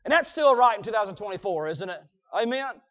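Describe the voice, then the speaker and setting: High-voiced preacher calling out "Amen?". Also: male voice, lively intonation, brisk, no room sound. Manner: emphatic, punctuates with "Amen?"; swings from shouting to low asides. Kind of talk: sermon. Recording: dull, dry lo-fi recording.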